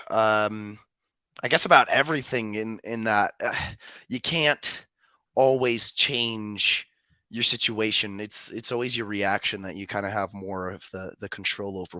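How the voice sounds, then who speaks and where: A man's voice: fairly low pitch, moderate pace, sharp tone, dry recording. A young man co-hosting a casual talk, rambling with many fillers and restarts. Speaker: co-host. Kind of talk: casual discussion.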